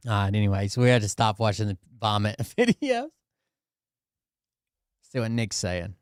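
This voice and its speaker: A man hosting a casual talk show, telling a story in a profane, animated, exasperated way. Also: fairly low pitch, moderate pace, very noisy. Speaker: host.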